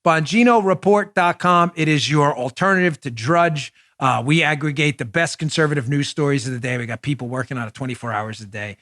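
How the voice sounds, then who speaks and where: A man's voice: a little fast, hardly any pauses, dry recording, studio quality. Emphatic male political talk host. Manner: emphatic, shifts between loud exclamations and low asides. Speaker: podcast host.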